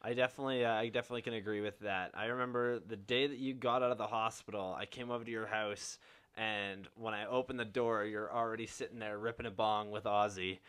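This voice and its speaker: A man's voice: on the low side, steady tone, quick pace, fairly bright tone, smooth. A young man hosting a podcast in casual chat, laid-back, peppering his talk with swearing and fillers. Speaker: podcast host.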